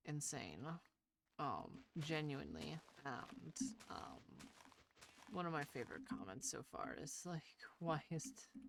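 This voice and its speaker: Nasal-voiced gamer, mid pitch, slight vocal fry, rambling and hesitant casual commentary, faint background noise. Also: fairly bright tone. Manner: rambling and hesitant, heavy with fillers and restarts; shy, talks about social anxiety. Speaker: gaming video creator.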